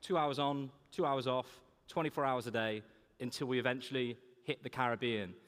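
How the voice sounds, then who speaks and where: A young man gives a humorous keynote in a large conference hall, sharing anecdotes with a big audience amid echoey reverb. His mid-range voice is steady, fairly bright and a little fast.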